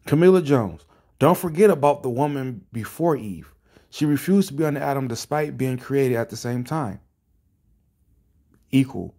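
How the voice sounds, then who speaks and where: Exasperated, husky-voiced man ranting. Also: medium pitch, a little mellow. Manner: exasperated, profane, sarcastic. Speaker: commentary streamer. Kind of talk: reacting to comments.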